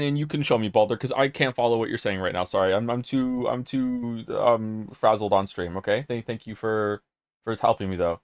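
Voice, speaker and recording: Speaking at a quick pace in a steady, medium-pitched tone, this young streamer casually chats with his audience. He wanders off topic, reads chat messages out loud, and occasionally gets flustered, with smooth, echo-free studio audio.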